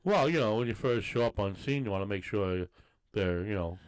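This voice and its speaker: Low, smooth-voiced New man. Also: animated, fairly quick. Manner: rambling, easygoing. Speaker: podcast co-host. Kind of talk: casual bar-talk podcast chat.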